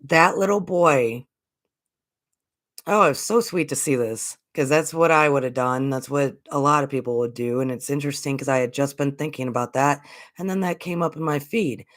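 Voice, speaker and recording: A woman's voice: very deep voice, normal speed. Earnest American woman, spiritual vlog host, casual talk, repeats lines for emphasis.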